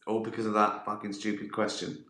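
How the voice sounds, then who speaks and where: A man's voice: on the low side, completely flat delivery, fairly quick, pushed and bright, echoey room. A middle-aged man, hosting a casual livestream and answering viewer questions with swearing, self-mocking banter. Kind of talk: casual chat. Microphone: phone.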